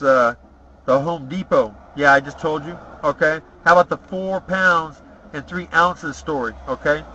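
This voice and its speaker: A middle-aged man with a slightly high voice and a sharp tone rambles through boastful, profane personal stories, tagging his lines with "okay?". The recording is dull and lo-fi.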